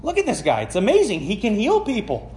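High-voiced preacher in an echoey church. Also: male voice, huge pitch swings, a little fast, a little mellow, slight background noise. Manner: conversational, asks the congregation questions. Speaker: pastor. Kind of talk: sermon reading and explaining scripture. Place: church sanctuary.

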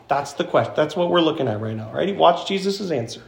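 A man preaching an emphatic sermon as pastor, slowing down to stress key phrases. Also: a little high, lively intonation, vocal fry. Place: church sanctuary. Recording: echoey church hall.

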